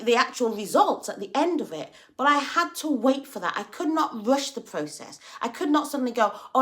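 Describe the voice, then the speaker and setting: A woman talking casually in a livestream about faith, chatty and animated, acting out little quoted exchanges. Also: on the high side. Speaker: vlogger sharing faith reflections.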